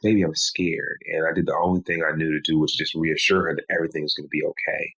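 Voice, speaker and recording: A man, a podcast guest, recounting a painful personal story in a slow, measured way. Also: very deep voice, level tone, pushed and bright, slight background noise, low-quality recording. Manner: slow, measured telling with pleading quoted lines.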